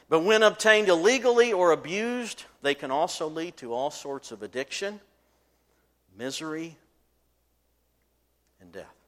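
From the pulpit, a man preaches a sermon built around a story, acting out its voices with rising force. His voice is on the high side and a bit bright, and the recording carries long hall reverb.

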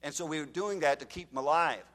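A man preaches a fire-and-brimstone sermon with a fairly high voice. He tells dramatic stories and shouts out the cries of the people in them. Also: quick pace, big-room sound. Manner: dramatic storytelling, shouts out quoted screams.

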